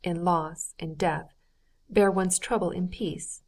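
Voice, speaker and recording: A woman voicing a cold, formal nobleman in an audiobook, measured and restrained in delivery. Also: on the low side, steady tone. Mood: bitter. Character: cold, stiff, wounded older nobleman. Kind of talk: audiobook character reading.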